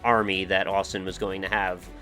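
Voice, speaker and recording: Young male player, bright tone, dry teasing humor, lively when telling a story. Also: low-pitched, normal speed, soft background music. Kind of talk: casual game chat.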